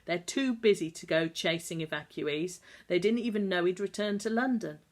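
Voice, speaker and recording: A woman voicing a husky brisk doctor's wife. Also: on the low side, close to an everyday voice. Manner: brisk, decisive.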